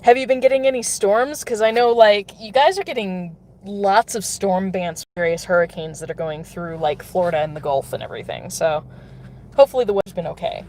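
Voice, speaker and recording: A woman's voice: mid-range voice, fairly quick, a little mellow, a little hiss or hum. A woman casually chatting with viewers while she plays a mobile game in her car, giggling often. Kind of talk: casual live-stream chat while playing. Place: in a car, pulling over.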